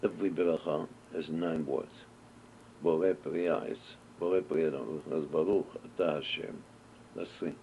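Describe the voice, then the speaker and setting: A man's voice: rumbling low, steady tone, moderate pace. A man with teaching a Torah class, asking questions and answering them as he tells stories. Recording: dull lo-fi recording with faint noise.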